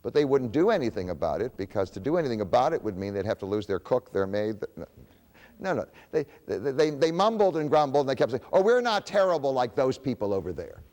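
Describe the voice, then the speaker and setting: A man's voice: mid-range voice, sing-song, quick pace, a little mellow, big-room sound. A man giving a public lecture, who poses rhetorical questions and answers them himself.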